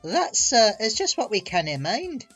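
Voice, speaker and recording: Two mischievous twin engines from a storybook talk in a lilting Scottish accent, high and loud and full of mock innocence, as a man reads them. The voice swings over a wide range. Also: very animated, a little slow, husky, soft background music, exaggerated voice. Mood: cheeky.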